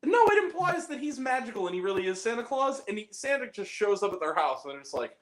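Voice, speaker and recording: A man's voice: high voice, fast, hardly any pauses. Guy ranting about a bad movie on a podcast, swears a lot, laughs a lot, voice jumps all over, roomy sound. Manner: animated, swears freely, laughs often. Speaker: podcast guest. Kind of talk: casual film review chat. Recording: roomy echo.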